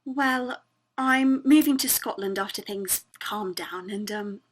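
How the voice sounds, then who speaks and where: A woman's voice: medium pitch, slow pace. A student actress playing a painfully posh young English woman with a prim, giggly manner on a video call. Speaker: student actor. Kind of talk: online student theatre.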